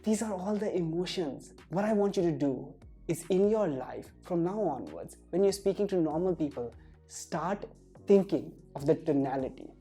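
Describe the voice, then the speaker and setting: A woman's voice: on the low side, expressive, normal speed, warm tone, soft background music. A woman tutoring for a speaking exam, talking straight to the viewer and leaning hard on key words for emphasis. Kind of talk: direct-to-camera teaching.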